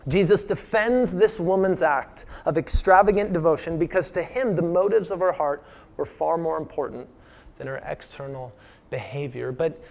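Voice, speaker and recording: A man preaching a sermon in a conversational style, asking the congregation rhetorical questions and dropping his voice soft for emphasis. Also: on the high side, moderate pace, vocal fry. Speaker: pastor.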